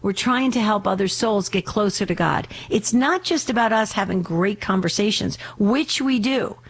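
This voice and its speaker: A woman's voice: medium pitch, lively intonation, moderate pace, breathy edge. Woman, radio host, live call-in show, fervent, urgent, pleading, slight lingering cough.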